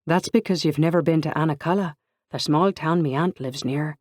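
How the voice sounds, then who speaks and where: A woman's voice: sits low, moderate pace, no echo, clean studio sound. A woman voicing a teenage girl who playfully hams up a thick mock Irish accent. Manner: playful mimicry, loud and raised. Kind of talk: audiobook character voice.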